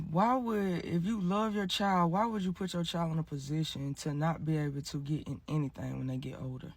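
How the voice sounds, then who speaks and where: A man's voice: on the high side, gravelly, dry recording. A man in his twenties ranting emphatically, speaking straight to his viewers. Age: 20s. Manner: emphatic, addresses viewers directly. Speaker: vlogger. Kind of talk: casual rant.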